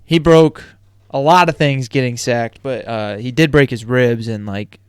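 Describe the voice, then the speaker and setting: A man co-hosting a live-streamed sports podcast, chatting casually and rambling, often trailing off quietly. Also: medium pitch, a little slow, smooth, no echo, studio quality. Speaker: podcast co-host.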